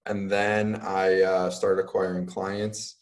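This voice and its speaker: A young man answers interview questions in a loose, casual way, leaning on "um" and "like". His voice sits low and deep. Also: little pitch movement, takes it slowly. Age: young adult. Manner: casual, filler-heavy, uses "like" often. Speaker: guest.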